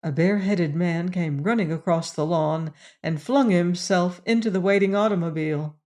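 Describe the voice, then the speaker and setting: A man reading a novel aloud as an audiobook narrator, in a measured, even delivery. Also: sits high.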